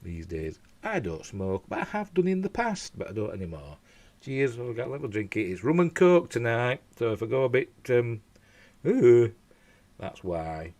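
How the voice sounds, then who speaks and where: A man's voice: mid-range voice, sing-song, moderate pace, darkish tone. A man hosting a casual news show at home, reading out stories and rambling off into chatty asides, often tripping over his words.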